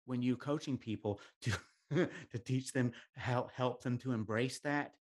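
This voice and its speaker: A man's voice: mid-range voice, unhurried. A man hosting a casual podcast conversation, reflective and thinking aloud with many ums. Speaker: podcast host.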